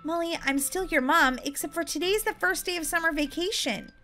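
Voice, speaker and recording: A woman voicing a weary mom in a game role-play, speaking softly and lower than her own voice. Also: brisk, soft background music. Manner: soft, lower, weary and flat.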